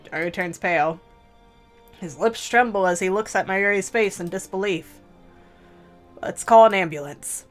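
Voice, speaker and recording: A woman hosting a let's play, reading a visual novel aloud in measured, slow first-person narration. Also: mid-range voice, faint music behind.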